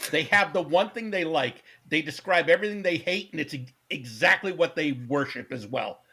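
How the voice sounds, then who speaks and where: A man's voice: a little high, moderate pace, pushed and bright, breathy edge. A man co-hosting a podcast, arguing his point and swearing freely. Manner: argumentative, profane. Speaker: podcast co-host. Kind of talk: casual chat.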